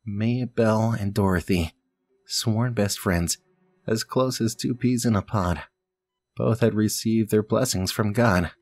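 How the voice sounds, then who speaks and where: A man's voice: on the low side, unhurried, a little mellow, no echo. A man playing a puzzle game who reads the story text aloud, mutters to himself and swears. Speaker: let's play gamer. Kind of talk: casual game commentary and reading aloud.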